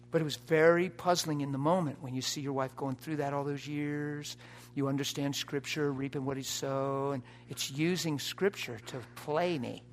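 A man preaching an impassioned sermon, dropping to a hush and rising to shouts. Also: mid-range voice, fairly even intonation, normal speed, a little hiss or hum. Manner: impassioned, swings from hushed to shouting.

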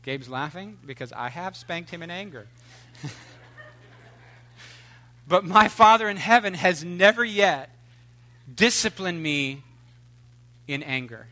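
A man preaching a sermon with a high, bright voice. He talks in an animated, humorous way, swinging between loud outbursts and quiet, hushed asides. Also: slow, pauses often. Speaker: pastor.

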